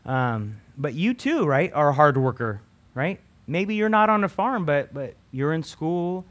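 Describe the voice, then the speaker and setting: Delivering a laid-back sermon on a Bible passage to students, this man speaks at a measured pace in a fairly high, very animated voice. He often restarts phrases and ends sentences with the tag question "right?"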